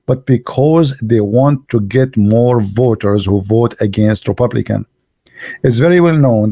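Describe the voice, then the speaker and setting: A man's voice: mid-range voice, vocal fry, mellow, husky, no room sound, clean studio sound. A man from the Arab world with an Arabic accent, hosting an online show and delivering a blunt, emphatic, mocking monologue. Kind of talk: opinionated monologue.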